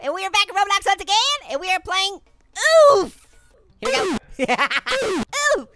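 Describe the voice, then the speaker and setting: A man voicing an excitable, earless cartoon character who hosts silly gameplay commentary and giggles constantly. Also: very high voice, normal speed, a little hiss or hum, full character voice. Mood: giddy. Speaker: gaming host.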